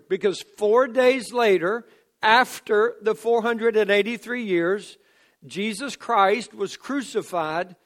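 A man preaching a sermon, speaking emphatically and building to fervent declarations. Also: high voice.

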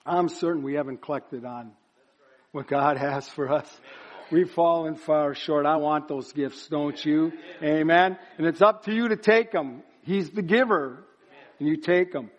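A man preaching at a church service, his voice sitting somewhat high for a man. He works up to emphatic, chanted repetitions. The recording sounds dull and lo-fi. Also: a little slow. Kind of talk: sermon.

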